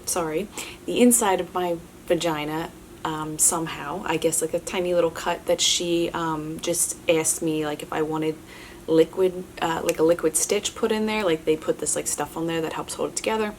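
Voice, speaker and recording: A woman's voice: sits low, steady tone, moderate pace, slight background noise. A young woman vlogger chatting candidly as she answers viewer questions, with lots of filler words and restarts. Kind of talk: casual chat.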